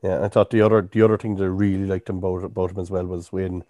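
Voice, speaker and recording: A man's voice: deep voice, completely flat delivery, quick pace, dark tone, no echo. A man hosting a podcast, chatting casually about a film with lots of fillers and restarts. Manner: rambling, full of fillers and restarts. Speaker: podcast host. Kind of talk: casual film-review chat.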